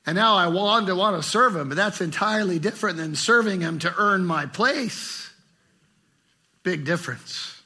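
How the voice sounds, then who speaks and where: A middle-aged man preaching a sermon with passion, swinging between fervent bursts and hushed, tender lines. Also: sits high, normal speed, breathy edge. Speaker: pastor.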